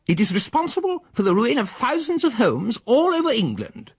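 A man doing a shrill, scolding prim woman. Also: huge pitch swings, moderate pace, husky, heavily acted. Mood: indignant. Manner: shrill, indignant, cawing. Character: stern, pale, skinny woman scolding a gravedigger. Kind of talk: storytelling, reading aloud. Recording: dry close recording.

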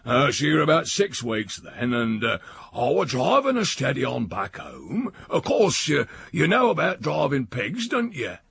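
A man's voice: mid-range voice, huge pitch swings, a little slow, creaky, fairly bright tone, a little hiss or hum, pitched above the performer's own voice, exaggerated voice. A man voicing a sly, drink-loving old countryman uncle, in an audiobook reading. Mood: rambling. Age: older.

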